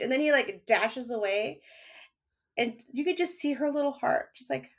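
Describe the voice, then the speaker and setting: A woman's voice: sits high, normal speed, gravelly. A young adult woman co-hosting a casual podcast chat, animatedly retelling scenes and acting out the characters' lines. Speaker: podcast co-host.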